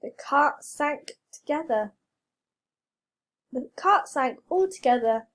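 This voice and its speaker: A woman's voice: high voice, animated, takes it slowly, exaggerated voice. A woman voicing a sly, cheeky male rabbit trickster in a storybook reading, eager and innocent-sounding.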